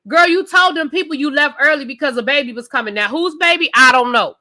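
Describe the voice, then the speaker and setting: Loud, bright-voiced woman reviewer ranting. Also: high-pitched, fast. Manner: loud, emphatic, talks straight to the audience. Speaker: TV review show host. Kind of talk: live casual rant to viewers.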